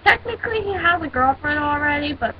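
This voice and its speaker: A woman's voice: high-pitched, expressive, normal speed. A teenage girl ranting in a casual vlog, telling a story in a sassy, dramatic way. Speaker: vlogger. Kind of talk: casual rant. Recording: dull lo-fi with faint hiss.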